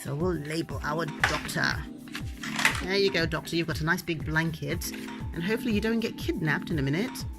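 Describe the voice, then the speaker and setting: A woman playing pretend with her child, teaching animal names in an animated, playful sing-song way. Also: low-pitched, a little fast, loud music behind the voice.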